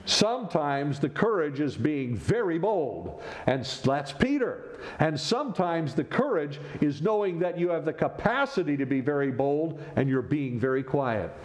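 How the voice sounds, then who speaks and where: A man preaching a sermon as pastor, animated and joking with the congregation between points. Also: fairly high pitch, moderate pace, hardly any pauses.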